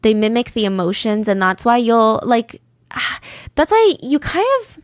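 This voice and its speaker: A woman's voice: on the high side, sing-song, measured pace, no echo, clean studio sound. A woman hosting a podcast, telling a true-crime story in a casual, chatty way and dropping into whispers for suspense. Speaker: podcast host.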